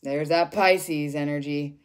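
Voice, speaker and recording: A woman giving a casual tarot reading, rambling and expressive and swearing freely. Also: deep voice, slow pace, clean tone. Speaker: tarot reader.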